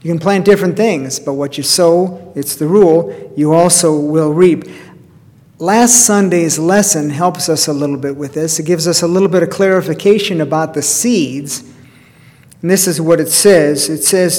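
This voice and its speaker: A man's voice: fairly high pitch, moderate pace, darkish tone. A pastor preaching a sermon in a folksy storytelling way, asking his listeners rhetorical questions. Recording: reverberant church hall.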